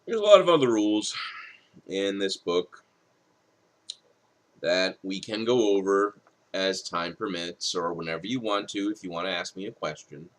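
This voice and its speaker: A man's voice: low-pitched, steady tone, a little slow, pauses often, a bit bright. A male writing instructor, tired late at night, reads rules from a textbook in a recorded lecture and explains them with casual asides.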